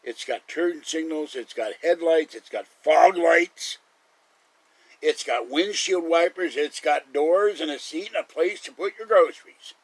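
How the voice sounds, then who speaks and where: Brief: talkative male streamer, slightly high pitch, dry close sound, rambling anecdotes with frequent chuckles. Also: unhurried, no echo, low-quality recording. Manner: chatty storyteller, chuckles often. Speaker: live stream host. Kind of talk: casual rambling monologue.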